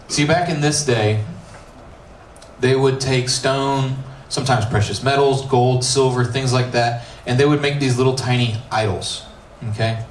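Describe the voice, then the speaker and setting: A man's voice: mid-range voice, steady tone, a little slow. A man with an American accent, a middle school pastor preaching a casual youth sermon, reading scripture and joking with slangy asides. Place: church youth room. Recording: roomy, distant, faint hiss.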